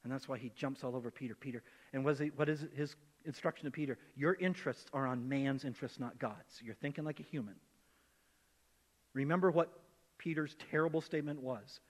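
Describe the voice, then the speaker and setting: In a large church hall, a pastor preaches a sermon in a conversational, animated way, acting out the voices of those he quotes. His voice is medium-pitched and a little fast.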